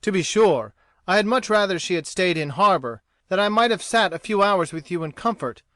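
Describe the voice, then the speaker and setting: An actor playing a cheerful young naval officer son in an audiobook dramatization, brisk and upbeat. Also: male voice, high-pitched, animated, fairly bright tone, no echo, studio quality.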